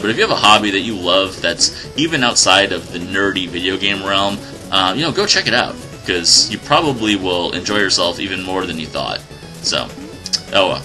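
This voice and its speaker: A man giving casual, chatty commentary while playing a video game, excitable and joking, often laughing. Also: deep voice. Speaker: let's play host. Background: faint game music.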